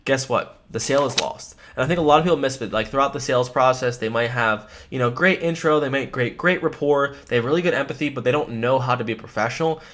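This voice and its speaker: A man's voice: mid-range voice, fairly bright tone. A man teaching life insurance phone sales in a training lesson, emphatic and repeating his key points.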